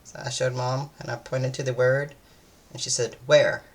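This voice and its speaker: Her pitch sits extremely low and her delivery is flat at a normal speed. This tired vlogger drifts through a casual account of her day, hesitant and full of fillers and false starts, sounding worn out and low on energy.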